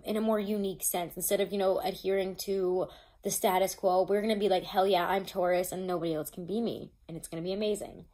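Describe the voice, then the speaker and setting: At a medium pitch with a slightly mellow tone, this woman gives a relaxed, talkative tarot reading full of casual swearing. She keeps tripping over her notes and starting her sentences again.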